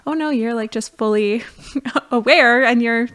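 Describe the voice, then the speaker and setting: Woman, podcast guest, former doula, higher voice, laughing storyteller, chatty. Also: unhurried, fairly bright tone, smooth. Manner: laughs often while telling a story, full of "like". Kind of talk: casual storytelling.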